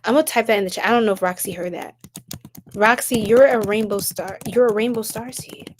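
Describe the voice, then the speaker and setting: Brief: young woman, livestream psychic host, bubbly and gushing, voice sits a bit high. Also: slightly rough. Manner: bubbly and effusive, laughs often, gushes. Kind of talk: casual livestream chat reading viewer comments.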